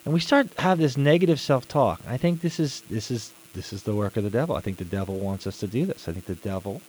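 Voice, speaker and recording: Animated man giving a faith talk. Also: medium pitch, fast talker, a little hiss or hum, rough recording. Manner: earnest, animated, repeats words for emphasis. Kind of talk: religious teaching talk.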